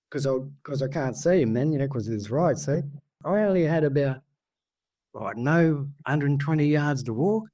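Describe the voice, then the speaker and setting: An Australian man telling a story in a rambling, lively way, full of asides. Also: a little high, no room sound. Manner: rambling, animated, full of asides like "see?" and "mate". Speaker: guest storyteller. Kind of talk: casual storytelling.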